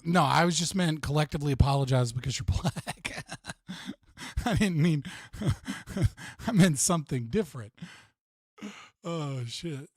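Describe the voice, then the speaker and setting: A man's voice: fairly high pitch, unhurried, no echo, clean studio sound. An American man hosting a casual livestream, joking and rambling with frequent laughs. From United States. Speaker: streamer and debate host.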